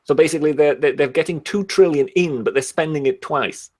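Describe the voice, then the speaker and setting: A man with a mixed British-continental English accent, born in Britain and raised on the continent, chatting politely in a live stream. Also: fairly high pitch. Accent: mixed British-continental English, no regional accent. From born in Britain, raised on the European continent. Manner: polite, measured, halting with repeated restarts. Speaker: regular guest on a live stream. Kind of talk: casual group chat on a live stream.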